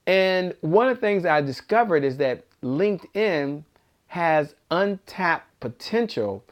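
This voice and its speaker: A man hosting a live online sales talk, energetic and repetitive, driving points home like a preacher. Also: on the high side, measured pace. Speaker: host.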